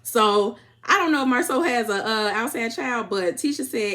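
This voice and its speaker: Animated Chicago woman recapping a show. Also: a little high, moderate pace, hardly any pauses. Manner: animated retelling, acting out quotes with laughs. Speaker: reality show recap host. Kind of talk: casual recap chat.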